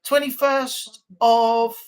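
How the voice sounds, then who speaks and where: A woman with a fairly high voice hosts a relaxed live stream chat. She rambles along, full of ums, talking to her viewers in a casual way. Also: extremely slow. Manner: rambling, chatty, many ums.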